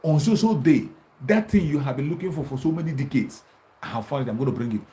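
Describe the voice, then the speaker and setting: A man's voice: fairly high pitch, expressive, fast talker, warm tone, rough recording. A man giving an impassioned political monologue, taunting and repeating himself as he challenges his opponents. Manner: combative, taunting, repetitive. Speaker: activist commentator.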